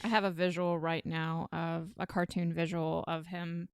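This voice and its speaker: A woman's voice: on the low side, little pitch movement, moderate pace, smooth, dry recording, studio quality. A woman co-hosting a dating advice podcast who talks bluntly and frankly, swearing freely in a casual chat.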